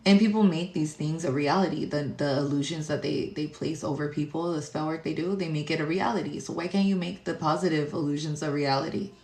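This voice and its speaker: A woman with a deep, low voice holds forth as a tarot reader, rambling through a spiritual monologue. She talks bluntly, swears a lot and leans on fillers. Her voice bounces around an echoey room. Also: brisk, hardly any pauses, a little mellow. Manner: blunt, heavy cursing, rambling with many fillers.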